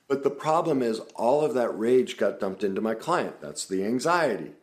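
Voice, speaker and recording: A man's voice: medium pitch, big pitch swings, normal speed. A man who works as a therapist, talking earnestly to the camera about a client's case. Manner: earnest, explaining. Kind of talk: casual talk to camera.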